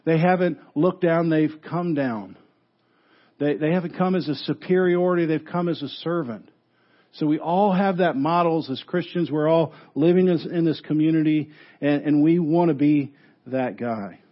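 A man preaching a sermon as pastor, telling stories with animated delivery and frequent restarts. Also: fairly high pitch, moderate pace, muffled recording. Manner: animated storytelling with repeated restarts.

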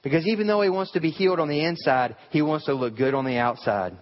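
Male pastor, slightly high voice, conversational sermon, long hall reverb, dull lo-fi recording. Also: fast talker. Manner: conversational preaching with rhetorical questions. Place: church sanctuary.

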